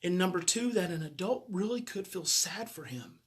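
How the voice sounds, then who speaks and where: A man's voice: high-pitched, big pitch swings, normal speed, a bit bright, husky. A man, a parenting educator, telling a personal story in a heartfelt way and often repeating his phrases.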